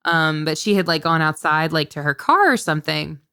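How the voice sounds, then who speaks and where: A woman's voice: sits low, animated, brisk, sharp tone, smooth. A woman co-hosting a podcast in casual chat, sarcastic and joking, swearing freely. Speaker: podcast co-host.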